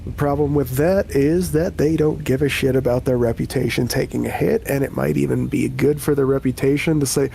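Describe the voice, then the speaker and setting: A man's voice: medium pitch, fairly even intonation, fairly quick, gravelly, hardly any pauses, warm tone, a little hiss or hum. A man narrating a tabletop game as game master, in a casual, rambling and profane way.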